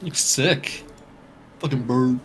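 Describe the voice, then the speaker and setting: A man's voice: mid-range voice, slow pace, slight background noise. Joking, swearing man at the game table. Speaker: player. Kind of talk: casual tabletop game chat.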